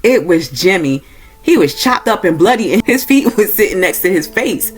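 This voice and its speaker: Faint music plays behind a woman whose husky voice is animated and moves at normal speed. She's casually recapping and reviewing a film, saying "y'all" and acting out characters' lines in a raised, rising voice.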